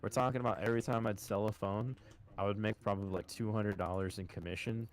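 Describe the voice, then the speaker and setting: Low-pitched male podcast host, relaxed profane storyteller. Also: fast talker. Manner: swears a lot, storytelling, calls listeners boys. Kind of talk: casual chat.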